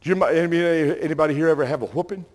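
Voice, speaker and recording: Folksy older Southern preacher. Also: male voice, a little high, racing. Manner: folksy, animated, calls out to the congregation. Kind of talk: sermon storytelling.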